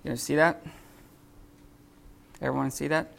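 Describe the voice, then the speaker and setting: A man leads a live classroom lesson, explaining grammar in a halting way, full of fillers and restarts. His voice has a gravelly edge. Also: mid-range voice, level tone, a bit bright. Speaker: Greek teacher.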